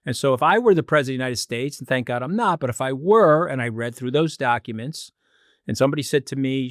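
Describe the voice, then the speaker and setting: A man talking as a guest on a podcast, arguing emphatically in quick, animated bursts. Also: medium pitch, no room sound, studio quality. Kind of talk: casual podcast discussion.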